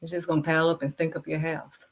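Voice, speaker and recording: A woman's voice: sits low, level tone, quick pace. A woman vlogger giving a blunt, scolding faith talk straight to camera. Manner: blunt, direct, scolding, refuses to sugarcoat. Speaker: vlogger and kids' modeling teacher.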